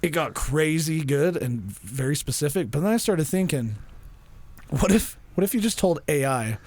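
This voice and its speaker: A young man co-hosting a podcast, chatting casually and acting out what people said in lively voices. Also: a little high, moderate pace, dry recording. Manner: animated storyteller, acts out quotes in voices. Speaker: podcast co-host.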